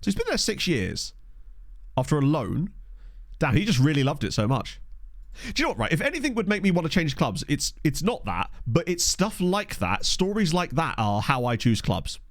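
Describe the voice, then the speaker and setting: A man's voice: on the high side, moderate pace, dry recording, clean studio sound. A young man casually chatting and laughing as he streams a management game, talking into a desk mic. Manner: animated, laughs often, chatty asides. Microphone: desk condenser mic.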